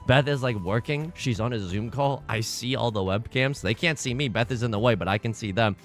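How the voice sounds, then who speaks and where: A young man casually chatting and commenting while streaming online mahjong, excitable and self-mocking, laughing often and jumping from loud outbursts to mumbled asides. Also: medium pitch, fairly quick, soft background music. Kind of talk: casual livestream chat and commentary.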